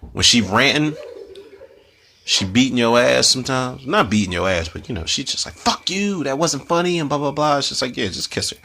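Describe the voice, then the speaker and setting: A man's voice: mid-range voice, bright, forceful tone, a little hiss or hum. A young man hosting a loose, casual movie commentary, cursing freely and rambling through slang-filled asides.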